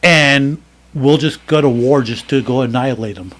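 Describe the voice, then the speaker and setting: An American man co-hosts a podcast in a mid-range, fairly bright voice at normal speed. His casual, opinionated chat is full of fillers and restarts.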